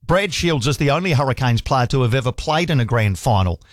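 A man's voice: medium pitch, expressive, brisk, no room sound, studio quality. A man hosting sports talkback radio, chatting easily with callers and reading out messages. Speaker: radio sports talk host.

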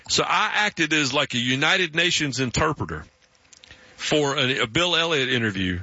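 A man's voice: fairly high pitch, expressive, a little fast, pushed and bright, husky, dry recording, lo-fi sound. A man with a Southern American accent from South Carolina, hosting sports radio and telling stories with frequent laughs. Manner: storytelling, laughs often. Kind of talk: casual radio chat.

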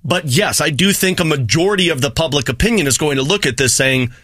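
Cohost radio pria bersuara tajam. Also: male voice, fairly high pitch, quick pace, no room sound, studio quality. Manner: candid, animated, explains his frustration. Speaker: sports radio co-host. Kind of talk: sports talk radio.

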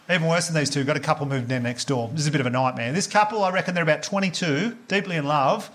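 A man with an Australian accent doing a crude stand-up comedy set with deadpan storytelling and crowd work before a live audience. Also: on the high side, racing, hardly any pauses, background noise.

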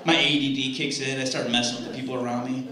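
A man performing a stand-up comedy set, loud and joking, recorded in a comedy club. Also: mid-range voice, flat delivery, fast talker. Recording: echoey club, far from the mic, loud crowd and noise.

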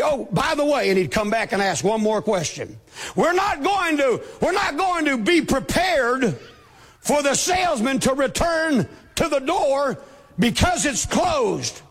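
A man preaching a sermon, with a shouting preacher's cadence, acting out the voices he quotes. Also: very high-pitched. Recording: long hall reverb.

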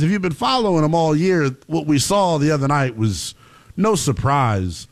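A man's voice: fairly high pitch, moderate pace, no echo. A man hosting a sports talk show, talking casually and animatedly with plenty of fillers. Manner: animated, conversational, lots of fillers.

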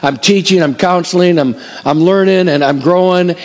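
A middle-aged man preaching a sermon as pastor, calling out to his congregation in an animated way. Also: high voice, normal speed. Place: church hall before a congregation.

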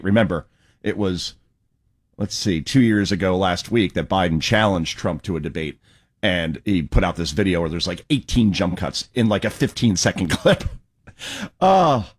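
Sarcastic male talk show host. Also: lowish voice. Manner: sarcastic, mocking. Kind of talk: opinionated political commentary.

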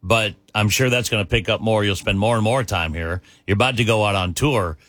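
Bright, jokey male radio host. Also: fairly low pitch, a little fast, no room sound. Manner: energetic, jokey, laughs often. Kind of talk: radio interview.

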